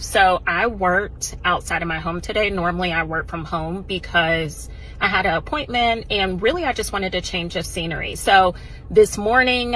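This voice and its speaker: A woman chats casually to camera, exasperated about prices. Her voice is bright and a little tense. Faint ambient sound sits behind her. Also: fairly low pitch, slight background noise, low-quality recording. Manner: exasperated, chatty. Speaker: vlogger. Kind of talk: casual vlog chat.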